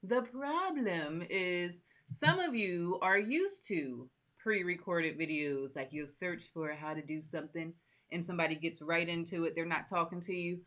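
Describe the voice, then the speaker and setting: A woman's voice: on the low side, unhurried, a bit bright. Chatty woman hosting a live stream. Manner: chatty, upbeat, talks straight to her audience. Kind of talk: live stream chat greeting viewers.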